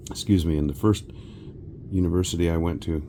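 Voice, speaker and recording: A man from South Texas chatting casually while he works, a rambling storyteller who often clears his throat. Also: low voice, steady tone, moderate pace, dark tone, slight background noise. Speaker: resin crafting vlogger.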